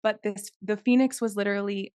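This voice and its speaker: A woman's voice: mid-range voice, steady tone, a little fast, a little mellow, dry recording, clean studio sound. A woman co-hosting a podcast, telling of her spiritual experiences in an earnest, emphatic way. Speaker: podcast co-host. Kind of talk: casual chat.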